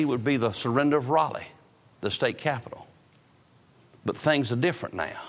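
Preacher man in an echoing hall. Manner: dramatic swings from loud to low, drawn-out phrases. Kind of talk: sermon. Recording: long hall reverb.

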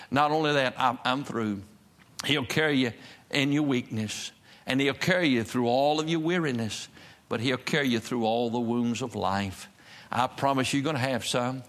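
A pastor delivers a church sermon in a gravelly voice at an ordinary middle pitch. He drives his points home by repeating key phrases with strong emphasis, the way a preacher does from the pulpit. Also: fairly bright tone. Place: church service.

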